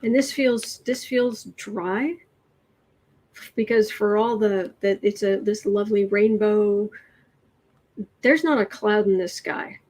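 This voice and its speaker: Her voice is mid-range and a little mellow, and she speaks slowly with long pauses, though the audio is poor. As the host of a casual livestream, she reads tarot cards and reacts to current events, musing aloud, trailing off, slipping in sardonic comments, and sometimes whispering.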